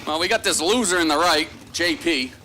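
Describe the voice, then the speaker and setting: A man calling drag races live from the announcer tower, joking, excitable and teasing the racers. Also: fairly high pitch, a little fast, very noisy. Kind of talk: live race commentary.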